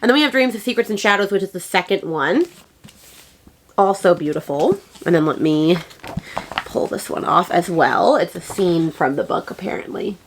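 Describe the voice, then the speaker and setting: A woman's voice: fairly low pitch, lively intonation, moderate pace, slight background noise. A woman book vlogger chatting casually and enthusiastically, gushing and rambling with fillers as she shows her book haul.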